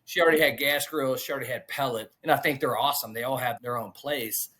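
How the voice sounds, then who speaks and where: A man's voice: medium pitch, steady tone, fast talker, pushed and bright. Laid-back man in his forties. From Gulf Coast of Alabama, US. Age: 40s. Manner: laid-back, folksy, peppers talk with "man" and "dude". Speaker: guest pitmaster. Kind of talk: casual storytelling.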